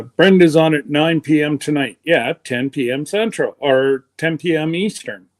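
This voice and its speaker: A man's voice: fairly high pitch, normal speed, hardly any pauses. A man hosting a live stream in a folksy, meandering way, his chest congested from pneumonia. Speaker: livestream host. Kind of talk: rambling casual chat.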